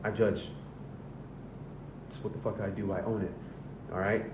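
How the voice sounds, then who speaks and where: A man's voice: little pitch movement, moderate pace, distant mic. A man, a men's coach from the Southern US, giving a casual, earnest motivational monologue and swearing freely. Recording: echoey room with rumbling noise.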